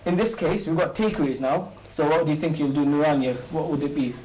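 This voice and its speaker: A man's voice: a little high, darkish tone, low-quality recording. Chatty, jokey man teaching a maths lesson. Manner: quizzing students with quick questions, chatty and jokey. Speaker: maths teacher and show host. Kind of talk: informal maths lesson with students.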